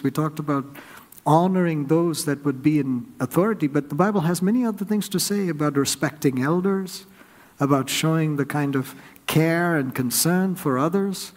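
A man's voice: on the high side, a little mellow. A man preaching a sermon as pastor of his church, talking through rhetorical questions and acting out quoted spouses in a raised voice. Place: church sanctuary.

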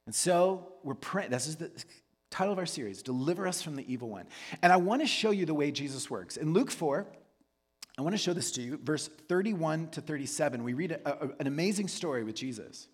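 A man's voice: a little high, lively intonation, brisk. A man giving a casual, conversational sermon as pastor, often checking in with listeners by asking whether they follow. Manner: conversational, asks the room "right?" often. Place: church hall. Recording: long reverb of a large hall.

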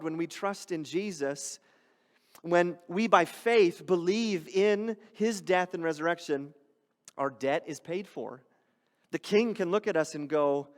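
A man preaching a sermon in a church hall, talking conversationally with rhetorical questions and swinging between loud and hushed delivery. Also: high-pitched, animated, unhurried. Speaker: pastor.

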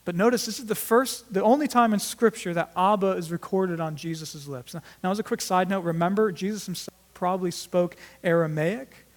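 A man preaching an earnest sermon, swinging between emphatic rises and quiet drops and often restarting his words. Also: high voice, brisk, hardly any pauses. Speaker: pastor.

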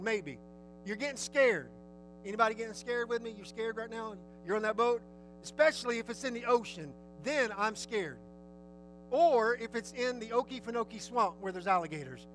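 A male preacher with a strikingly high, bright voice tells a story to his congregation. He keeps asking his listeners questions as he goes. Soft instrumental music plays faintly underneath. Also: rough recording. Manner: lively, storytelling, asks the audience questions. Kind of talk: sermon.

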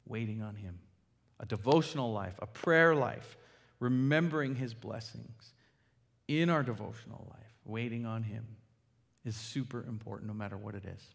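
A man preaching a sermon as pastor, earnest and pleading, dropping to hushed appeals and rising to emphatic points. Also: on the low side, normal speed, creaky. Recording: hall reverb.

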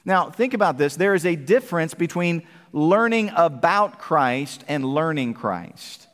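High-voiced preacher in a reverberant church. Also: male voice, lively intonation, measured pace. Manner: emphatic preaching, asks the congregation questions. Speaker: pastor. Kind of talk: sermon. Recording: long hall reverb.

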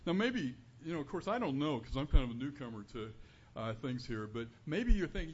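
A man giving an earnest, conversational sermon as a preacher in a church, building to louder emphasis on key points. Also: mid-range voice, very animated, brisk. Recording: dull lo-fi recording with faint room noise.

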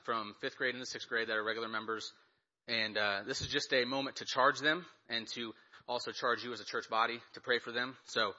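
A man's voice: medium pitch, bright, forceful tone, highs cut off. A man leading a children's ministry speaks nervously at a church ceremony, then reads a poem aloud. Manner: nervous, hurried, breathless at times. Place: church sanctuary.

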